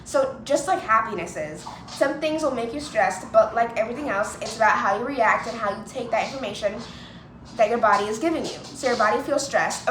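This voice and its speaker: A young woman with a fairly high voice tells stories to the camera in a loose, chatty way, dropping "like" into nearly every line. Her voice rings around an echoey room with steady background noise underneath. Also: brisk. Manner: chatty, lots of "like", acts out quoted voices. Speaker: vlogger. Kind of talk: casual storytelling to camera.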